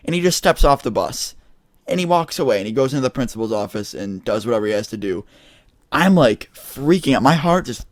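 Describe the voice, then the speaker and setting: Teen boy vlogger, rambling and excitable. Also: medium pitch, brisk, dry recording, studio quality. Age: teens. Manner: rambling, excitable, lots of fillers and swearing. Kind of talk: casual storytelling vlog.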